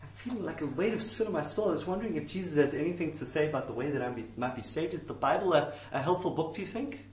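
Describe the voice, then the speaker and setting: A man's voice: on the high side, close to an everyday voice. Man playing a hesitant, timid seeker. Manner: hesitant, quiet, halting. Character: timid, earnest young man seeking salvation. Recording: roomy, distant mic, faint ambience.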